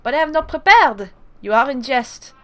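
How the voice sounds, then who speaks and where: A woman's voice: high-pitched, sing-song, normal speed, voice pushed up. A woman voicing an indignant young male valet, protesting in a flustered way. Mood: affronted.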